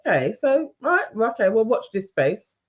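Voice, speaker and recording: A woman's voice: on the high side, very animated, normal speed, breathy edge. A woman co-hosting a podcast, chatting casually, mostly agreeing in short replies. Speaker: podcast co-host. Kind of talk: casual recap chat. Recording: dull lo-fi sound.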